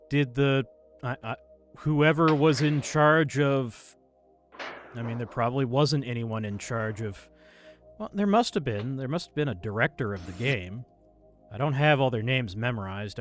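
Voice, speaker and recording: Male streamer, mid-pitched, animated delivery, mutters and swears at a puzzle. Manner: mutters self-calming mantras, swears in frustration. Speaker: game streamer. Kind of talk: live game commentary. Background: faint game music.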